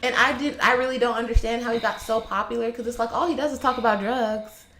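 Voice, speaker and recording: A woman's voice: on the high side, steady tone, fast talker, a bit bright, reverberant, a little hiss or hum. A woman co-hosting a podcast, chatting casually in a candid, laughing, profane way. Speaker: podcast co-host. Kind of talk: casual chat.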